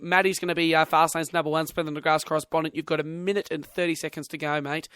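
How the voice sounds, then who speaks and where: A man's voice: a little high, flat delivery, fast talker, a bit bright, clear, resonant tone, dry recording. A man hosting a casual chat, jokey and prodding his guest with questions. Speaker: host.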